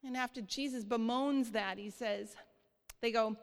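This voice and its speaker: Woman, church sermon, earnest, light laughs, higher-pitched, reverberant sanctuary. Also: steady tone, normal speed. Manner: earnest, with frequent light laughs and check-ins to the audience. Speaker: church speaker. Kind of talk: sermon on giving. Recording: long hall reverb.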